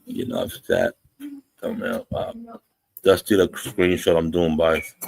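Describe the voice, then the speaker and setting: A man's voice: low voice, sing-song, unhurried, gravelly, low-quality recording. An Australian man in his forties hosting a casual livestream, blunt and sweary as he reads the chat and greets viewers as brothers. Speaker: livestream host reading chat.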